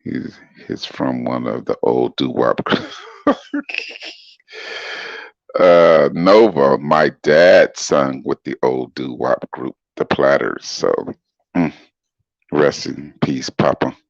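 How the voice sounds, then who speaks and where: Taking things slowly and pausing often, a middle-aged livestream guest chats casually in a very deep, smooth, slightly gravelly voice. He laughs softly, reads comments and greets people by name. The stream's lo-fi audio is dull and dry, close-sounding with no echo.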